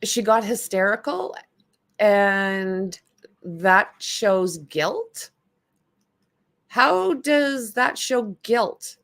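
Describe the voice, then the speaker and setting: Slow-talking blunt woman streamer. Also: medium pitch, expressive, gravelly, fairly bright tone. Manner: blunt, indignant, talks back to chat. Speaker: livestream host. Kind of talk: casual livestream commentary.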